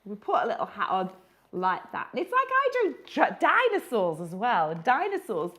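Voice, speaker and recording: A woman's voice: a little high, huge pitch swings, normal speed, fairly bright tone. A woman who illustrates children's books, chatting and joking as she teaches children to draw. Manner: chatty, jokey, talks to children. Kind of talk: live drawing tutorial for children.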